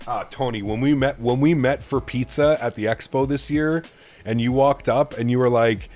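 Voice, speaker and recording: A man's voice: medium pitch, moderate pace, darkish tone, faint music behind. A man from Canada streaming a flight simulator, chatting casually with his viewers and swearing freely. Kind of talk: casual live-stream commentary.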